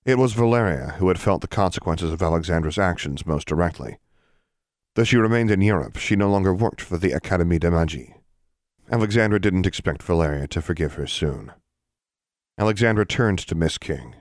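Deep-voiced male audiobook narrator. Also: expressive, brisk, no room sound, clean studio sound. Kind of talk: scripted narration.

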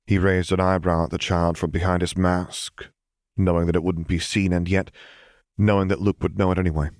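Male audiobook narrator, very low voice, calm even read, dry close sound. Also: a little fast, no echo. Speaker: audiobook reader. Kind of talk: fan fiction audiobook narration.

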